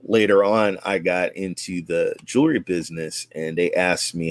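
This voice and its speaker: Low-voiced and speaking at a moderate pace with few pauses, this Oakland man in his forties is a guest and content creator. He rambles through his life story casually, with frequent restarts and acted-out quotes, in a recording without room sound.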